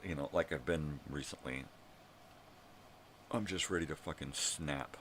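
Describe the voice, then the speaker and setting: An older man hosting his own daily vlog, ranting angrily and swearing, with bursts of shouting. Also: extremely low pitch, a little slow, slight background noise. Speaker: vlog host. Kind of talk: angry profane rant.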